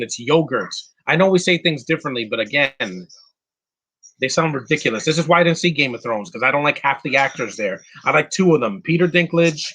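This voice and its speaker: A man's voice: a little high, fairly bright tone. A man giving casual live commentary on a movie, answering chat questions bluntly with frequent restarts and fillers. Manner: opinionated, blunt, insulting.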